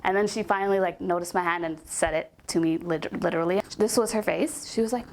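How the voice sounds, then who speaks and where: A woman's voice: lowish voice, brisk, slight background noise. A young woman telling a casual storytime about a coworker, chatty and full of "like" and "um" fillers.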